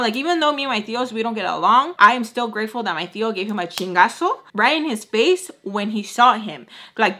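Young female beauty vlogger, bright, fairly high voice. Animated storytelling, swears freely, drops Spanish words into her English. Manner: acts out quoted voices. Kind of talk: storytime while doing makeup.

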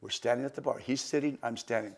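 Gravelly older man telling a story. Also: mid-range voice, fast. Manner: lively, repeats words, counts out cards. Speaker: magician, interview guest. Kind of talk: storytelling and card demonstration.

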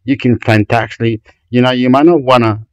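A man rambling excitedly about websites in a vlog, loud, profane and repetitive. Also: mid-range voice, fairly quick, clear, resonant tone, dry recording, rough recording. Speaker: YouTube vlogger. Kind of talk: excited rambling screen commentary.

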